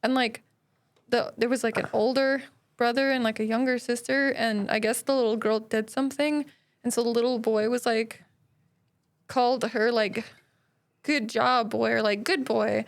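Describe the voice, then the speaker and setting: Woman podcast co-host, slightly high voice, loose rambling storyteller. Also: fairly even intonation, normal speed. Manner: rambling storyteller, many "like" fillers. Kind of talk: casual chat.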